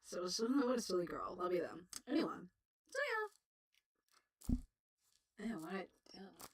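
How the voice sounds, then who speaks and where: A woman's voice: lowish voice, expressive, a little slow, recorded from a distance, rough recording. A woman streamer chatting casually on a livestream, rambling, swearing and laughing often.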